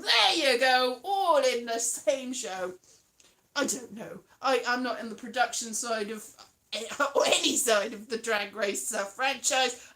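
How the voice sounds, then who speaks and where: Bright, high-voiced chatty woman. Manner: chatty and giggly, rambling with frequent laughs; slips into silly put-on voices and sung bits. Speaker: host of a live weekly stream. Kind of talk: casual live chat.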